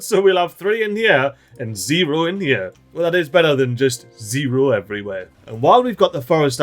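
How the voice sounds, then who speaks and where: Man hosting a gaming channel, excitable and chatty, voice bouncing all over. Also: on the high side. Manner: excitable, chatty, talks to the game characters. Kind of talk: let's play commentary.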